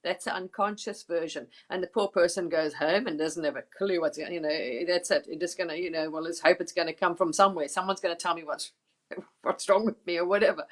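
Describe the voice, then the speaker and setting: A woman's voice: fairly low pitch, fairly quick. A woman hosting a casual spiritual live chat, talking emphatically and rambling a little, with mild swearing and laughter.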